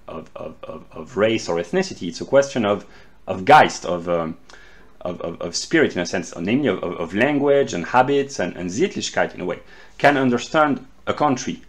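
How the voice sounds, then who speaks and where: A man from France with a French accent, speaking English as a second language and giving an unscripted philosophy lecture, often halting and repeating words. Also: lowish voice.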